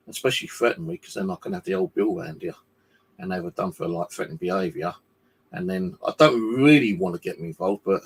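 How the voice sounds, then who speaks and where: A husky, somewhat low-voiced man vents from his flat in a loose, rambling monologue. He swears freely and sounds fed up with the people around him. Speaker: vlogger. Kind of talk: casual monologue to camera. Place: home flat indoors.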